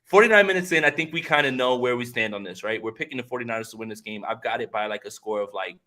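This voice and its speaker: A man co-hosting a live-stream sports podcast in a relaxed chat. He keeps turning to the audience with upbeat energy. His voice sounds bright and forceful at a middle pitch. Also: fast. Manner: upbeat, keeps addressing viewers directly. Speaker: podcast co-host.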